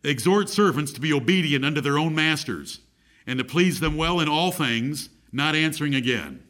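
A man's voice: on the high side, moderate pace, fairly bright tone. A middle-aged man preaching a sermon, reading scripture aloud and repeating key phrases for emphasis.

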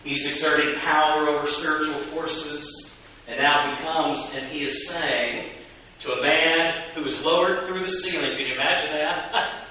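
Animated male preacher in an echoey church. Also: fairly high pitch, a little slow. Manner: animated, asks the congregation questions. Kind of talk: sermon. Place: church sanctuary. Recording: echoey church from a distance with hiss.

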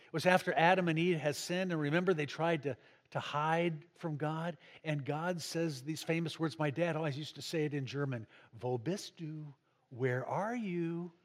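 A man's voice: steady tone, moderate pace, in a large hall. A pastor preaching a sermon to his congregation, raising his voice for emphasis and asking them questions. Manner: dynamic preaching, pitch and volume rising for emphasis, asks the congregation questions. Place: church.

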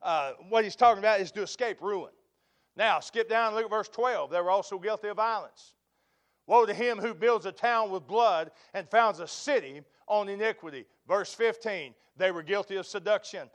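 A man preaching a sermon, building to loud emphatic peaks and then dropping to a low, quiet tone. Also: moderate pace. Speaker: pastor.

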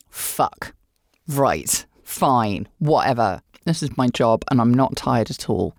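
A woman with a slightly husky voice, chatting casually and sardonically while playing a game, full of swearing and quick jokes. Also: rumbling low, animated, darkish tone, no echo, clean studio sound. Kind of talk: casual gaming chat.

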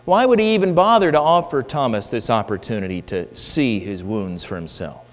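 A man's voice: medium pitch, lively intonation, normal speed, faint music behind. A man preaching a sermon, emphatic and full of rhetorical questions, in a church hall. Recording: long hall reverb with mains hum.

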